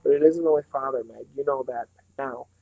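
A man's voice: mid-range voice, fairly quick, creaky, dark tone, no room sound, rough recording. A man voicing a small, serious, determined boy in an earnest reading.

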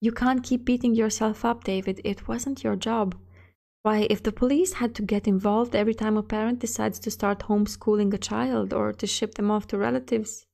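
A woman's voice: mid-range voice, fairly even intonation, normal speed, gravelly, natural voice. A woman voicing a kind, protective middle-aged wife who soothes her husband, in a story reading. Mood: soothing. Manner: soothing, gentle.

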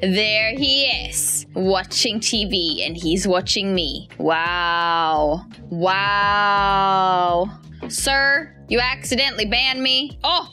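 A woman's voice: medium pitch, slow, bright, forceful tone, soft background music. A woman giving playful, chatty let's-play commentary as she plays, laughing often. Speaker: gaming YouTuber.

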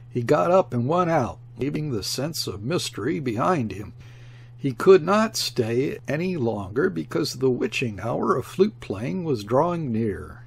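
Lively narrator with a husky, gravelly voice. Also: male voice, medium pitch, measured pace. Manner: expressive, shifts tone for quoted speech. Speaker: audiobook reader. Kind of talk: scripted narration.

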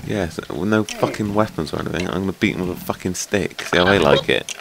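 A man's voice: low-pitched, quick pace, vocal fry, background noise. A man playing a game with a friend, swearing a lot and raging at the enemies that keep killing him. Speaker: gamer. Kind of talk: casual gaming chat.

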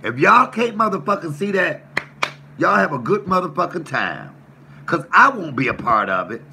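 Gravelly, bright-voiced man ranting on stream. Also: on the high side, sing-song, normal speed, a little hiss or hum. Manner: profane, confrontational, emphatic. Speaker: YouTube livestream host. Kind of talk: heated livestream rant reading chat.

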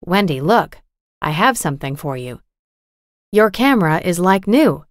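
A woman voicing a calm, caring teenage boy in a storybook, in her own slightly lowered, gentle voice. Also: a little slow, no echo, clean studio sound.

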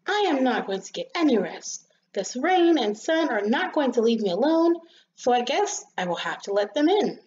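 A woman voicing a fussy little rosebud flower girl who wants to be left alone, speaking in a high, insistent, peevish way. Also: very animated, moderate pace, darkish tone, echoey room, a little hiss or hum. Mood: resigned. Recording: slightly dull lo-fi recording.

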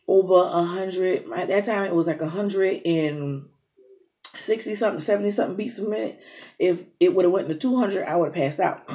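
A young woman telling a lively story over a meal, acting out each speaker's lines. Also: a little high. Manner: animated storyteller acting out dialogue, drawling. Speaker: mukbang host. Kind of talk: casual storytime while eating.

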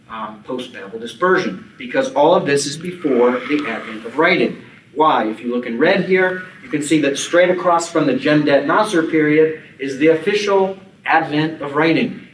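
A man's voice: a little high, a little hiss or hum. Man lecturing in an echoey hall. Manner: informal asides and dry jokes between academic points. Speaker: archaeology lecturer. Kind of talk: conference lecture. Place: conference hall. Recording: echoey hall, mic at a distance.

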